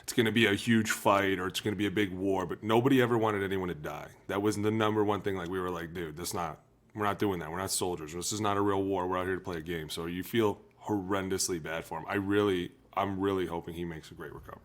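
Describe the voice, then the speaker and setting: A man's voice: deep voice, fairly even intonation. A man in his thirties, a former pro football lineman, talking earnestly and emotionally on a podcast and acting out what others said. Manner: earnest, emotional, talks fast and acts out quotes. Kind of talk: candid podcast talk.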